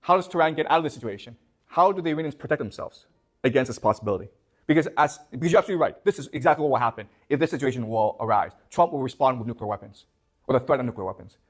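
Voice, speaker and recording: A man's voice: medium pitch, expressive. A male professor from China lecturing a class, firing questions at the students and checking "okay?" after nearly every point, often repeating words as he pushes on. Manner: quizzes the class with rapid questions, tags "okay?" constantly.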